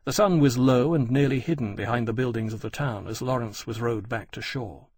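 A man reading a novel aloud in even, measured scripted narration. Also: mid-range voice, slightly rough, no room sound, clean studio sound. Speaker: audiobook narrator.

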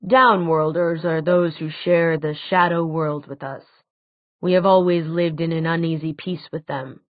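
A woman reading the part of an older male tutor, speaking quietly, slowly and deliberately, grave and measured. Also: low voice, steady tone, dry recording. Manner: quiet, slow, deliberate speech. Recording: dry, tinny phone-like sound.

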